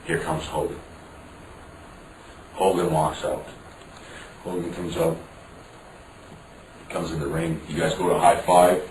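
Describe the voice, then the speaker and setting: A man with an extremely low voice tells a story in a frank, profane way, acting out the dialogue of others. He sits well back from the mic in a roomy, echoing space with steady background noise behind him. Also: slow, pauses often, far from the mic. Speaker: interview guest. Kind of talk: candid storytelling interview.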